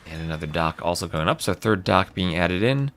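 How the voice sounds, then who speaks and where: A man with a low, expressive, slightly bright voice casts a live strategy game match at a brisk pace. He calls the plays and chats with viewers between fights.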